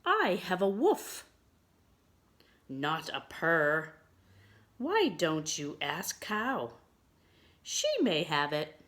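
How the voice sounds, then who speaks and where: A woman voicing a startled, friendly farm dog with loud, barking delivery in a storybook reading. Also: low voice, very animated, drawn-out words, long pauses, exaggerated voice.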